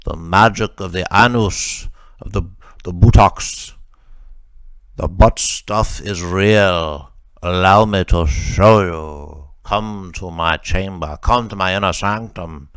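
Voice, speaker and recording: A man's voice: low voice, takes it slowly, fairly bright tone, smooth, no echo, full character voice. A man putting on the voice of a pompous male ritual magician, speaking in a mock-solemn, stammering way.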